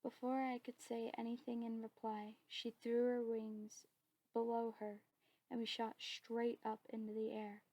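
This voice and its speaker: A woman narrating her own story in a soft, steady whispered role-play. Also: on the high side, measured pace, no echo, rough recording.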